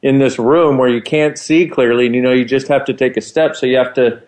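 A man's voice: medium pitch, steady tone, a little fast, darkish tone. A man co-hosting a casual conversation, eagerly explaining and retelling stories. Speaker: co-host.

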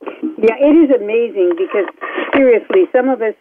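A woman hosting a talk show, speaking fast and eagerly. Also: on the high side, noisy background. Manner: fast-talking and enthusiastic. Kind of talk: casual talk-radio chat. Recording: tinny phone line, dry.

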